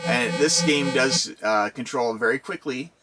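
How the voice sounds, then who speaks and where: A man's voice: mid-range voice, measured pace, loud music behind the voice, rough recording. A middle-aged man casually commenting on retro video games as he plays, chatty and rambling with lots of ums and restarts. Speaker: retro game reviewer.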